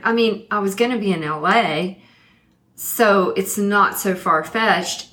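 Middle-aged woman, spiritual teacher, earnest storyteller who slows down for emphasis, mid-pitched voice. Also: pushed and bright. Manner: earnest, slows down to stress key points. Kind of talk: personal storytelling monologue.

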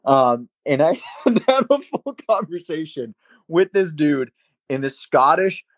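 A young man from Massachusetts chats casually on a podcast, laughing and cursing as he tells a story. His voice has a gravelly, creaky edge, and the sound is dry and close. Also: a little high, very animated, measured pace, no echo. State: day drinking. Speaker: podcast co-host. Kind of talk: casual chat.

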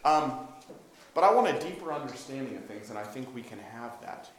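A medium-pitched, expressive preacher moves fairly quickly through a conversational sermon. He tells stories, plays out the dialogue and questions his listeners, with echo and faint background noise in the room.

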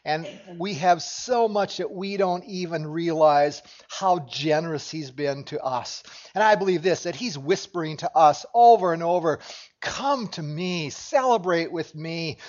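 In a church sanctuary, a pastor with a high-sitting voice delivers a sermon on a lo-fi recording. He speaks conversationally, putting questions to his congregation.

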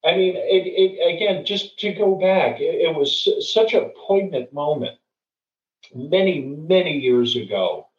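A man's voice: fairly high pitch, animated, measured pace. A middle-aged man speaking as a guest, telling a story and giving advice in an earnest way, often restarting and repeating words. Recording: dull, distant, roomy recording.

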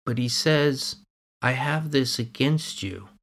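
A man preaching a sermon in a measured, emphatic way, leaning hard on key words. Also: mid-range voice, a bit bright.

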